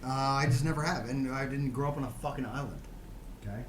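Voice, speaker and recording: A man jokes crudely in relaxed podcast banter. His voice rings in an echoey room, and noise runs behind it. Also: medium pitch, quick pace. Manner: joking, crude. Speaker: podcast co-host. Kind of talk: casual chat.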